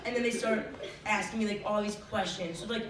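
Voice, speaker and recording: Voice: medium pitch, steady tone, brisk, a bit bright. Teen storyteller in an echoey hall. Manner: chatty, many filler likes. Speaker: student storyteller. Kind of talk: live true-story telling. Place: school auditorium with audience. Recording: roomy hall, distant mic, noisy. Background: audience laughter.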